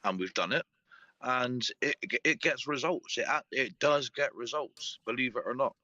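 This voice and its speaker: Man, bright forceful voice, emphatic slang chat, dull dry sound. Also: mid-range voice, normal speed, no room sound. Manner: emphatic, repeating points, slangy. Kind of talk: casual chat.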